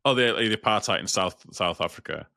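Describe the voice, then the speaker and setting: A man's voice: on the low side, animated, a little fast, gravelly, pushed and bright. A man from the UK co-hosting a podcast, talking in a blunt, sweary, casual way. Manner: blunt, sweary, laughs often. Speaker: podcast co-host. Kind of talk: casual chat.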